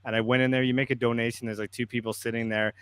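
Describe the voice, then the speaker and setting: A man from Canada co-hosting a podcast, explaining things in a halting, laughing way. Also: medium pitch, level tone, a bit bright, slight background noise. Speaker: podcast co-host. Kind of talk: casual chat.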